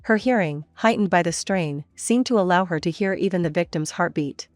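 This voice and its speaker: Female narrator for a read-aloud story: low register, dry delivery, soft music bed. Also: normal speed, no echo. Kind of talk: scripted fan-fiction narration.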